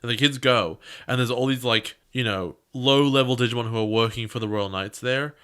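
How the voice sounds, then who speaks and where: Male co-host, bright forceful tone, dry sarcastic banter. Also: mid-range voice, brisk, smooth. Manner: sarcastic, joking. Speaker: podcast co-host. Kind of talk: casual chat.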